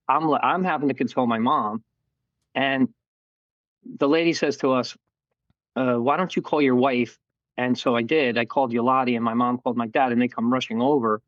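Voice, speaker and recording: A man's voice: medium pitch, dry recording, lo-fi sound. Candid middle-aged man telling his story. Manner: candid, animated storyteller who acts out quoted voices and swears casually. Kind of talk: casual storytelling interview.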